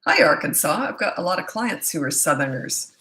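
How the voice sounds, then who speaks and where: With a fairly low pitch that swings widely, she talks fairly quickly in a bright, forceful tone. The woman, a parenting coach in her sixties, is at home on a live stream, casually reading viewer comments and rambling between them.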